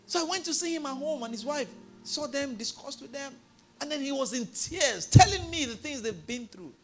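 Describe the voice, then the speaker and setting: A male pastor preaching a sermon in a church, telling a story and building to loud, emphatic declarations. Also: very high voice, animated, normal speed, soft background music.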